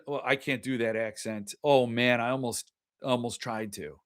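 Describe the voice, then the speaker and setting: A man's voice: medium pitch, fairly even intonation, normal speed. A middle-aged man hosting a casual livestream, chatting and reacting to viewer comments, often trailing off and restarting his sentences. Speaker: host.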